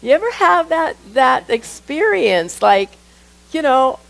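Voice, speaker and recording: Woman minister, sermon, animated pitch, unhurried delivery, reads passages slowly. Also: creaky, low-quality recording. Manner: lively storytelling, acting out her own thoughts with rising voice.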